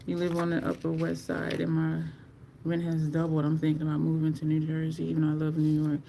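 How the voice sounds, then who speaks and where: An animated, talkative livestream host chats casually with viewers at home. The voice sits at a mid pitch, and a faint hiss runs underneath. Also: fairly quick, vocal fry. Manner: chatty and animated, addresses viewers as y'all. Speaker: livestream host reviewing makeup.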